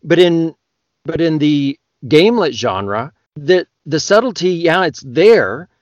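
A Canadian man, an audiobook narrator, talking loudly and excitedly as a podcast guest. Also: a little high, takes it slowly, dry recording, highs cut off. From Western Canada. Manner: loud, excitable talker. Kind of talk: casual podcast chat.

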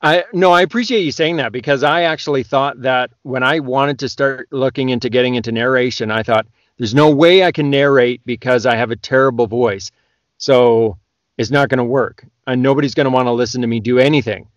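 A man from Canada, an audiobook narrator, chatting as a podcast guest in a lively storytelling way. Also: medium pitch, a little fast, no room sound, lo-fi sound. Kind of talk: casual podcast chat.

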